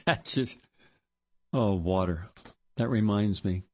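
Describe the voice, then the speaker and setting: Low, husky-voiced male radio host. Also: darkish tone, lo-fi sound. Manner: deliberate, chatty, laughs at his own points. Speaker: radio talk show host. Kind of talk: talk radio monologue and joke telling.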